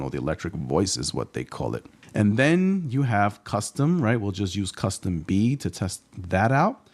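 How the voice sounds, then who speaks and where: A man's voice: fairly low pitch, darkish tone. A man casually reviewing a voice changer, chatty and self-deprecating, into a studio microphone. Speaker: gear reviewer. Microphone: studio mic with XLR interface.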